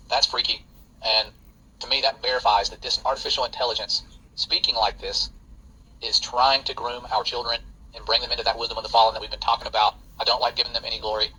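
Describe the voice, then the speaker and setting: Fast, bright-voiced man reading and warning. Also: mid-range voice, level tone, slight background noise, poor audio. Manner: earnest, warning tone. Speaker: host and father. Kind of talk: reading aloud and commenting.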